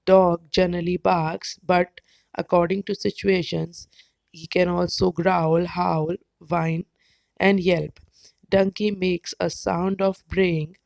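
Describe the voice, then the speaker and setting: A woman teacher with an Indian English accent, explaining slowly and carefully, sometimes spelling words out letter by letter. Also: lowish voice, level tone, gravelly, a little mellow, no echo, poor audio. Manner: careful, spells words out, brief animal imitations. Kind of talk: slow educational explanation.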